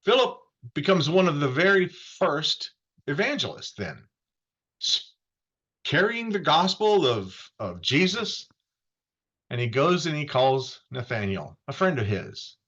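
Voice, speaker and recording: A male pastor from Florida giving a conversational sermon, telling the story in a lively way and acting out the quoted voices. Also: fairly high pitch, a little slow, highs cut off.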